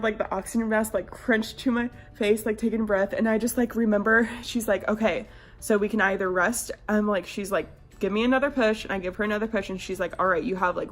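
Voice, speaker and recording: A young woman in her twenties telling a birth storytime on her vlog in a casual, chatty way, full of "like" fillers and lively quoted voices. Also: medium pitch. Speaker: vlogger.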